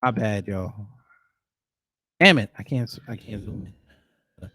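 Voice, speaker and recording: A man hosting casual reaction commentary, animated and exclamatory, with heavy slang and jokes. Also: fairly low pitch, takes it slowly, no echo. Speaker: commentary host.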